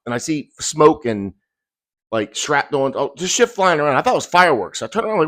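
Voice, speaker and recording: A man's voice: medium pitch, expressive, fast talker. A middle-aged man, a rideshare driver, telling his own story in agitated, profane, intense bursts. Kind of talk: emotional first-person storytelling.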